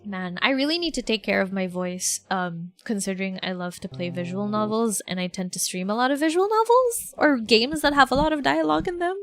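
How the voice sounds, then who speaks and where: A woman, chatting casually and bubbly as a streamer, full of fillers and sudden excited shouts. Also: medium pitch, brisk, few pauses. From Philippines. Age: 20s. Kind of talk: casual livestream chat. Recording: background music playing.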